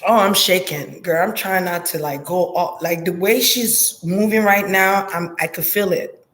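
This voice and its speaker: Slow, hesitant woman doing a psychic reading. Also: on the low side. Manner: hesitant, murmuring, trails off into quiet asides. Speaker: psychic reader. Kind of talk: intuitive reading monologue.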